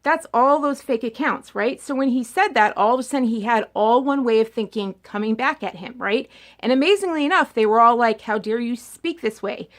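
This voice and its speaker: A young adult woman vlogger talking politics in a rambling, animated monologue that often repeats words. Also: fairly high pitch, fairly quick, few pauses. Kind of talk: casual opinion monologue.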